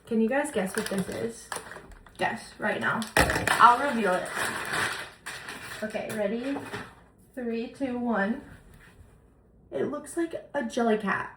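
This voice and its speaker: Young woman gushing thru an unboxing vlog, kinda high voice, echoey noisy room. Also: slow pace, long pauses. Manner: gushing, excitable, chatty. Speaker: lifestyle vlogger.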